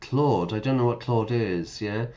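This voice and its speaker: A man's voice: on the low side, unhurried, a little mellow, highs cut off. A man teaching English while streaming a game, chatting casually, correcting himself and explaining words as he goes.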